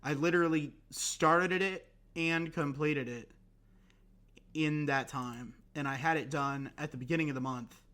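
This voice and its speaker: A hoarse young man hosting a casual solo podcast, rambling and self-deprecating with lots of fillers and restarts. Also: mid-range voice, a bit bright. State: hoarse, recovering voice. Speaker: podcast host.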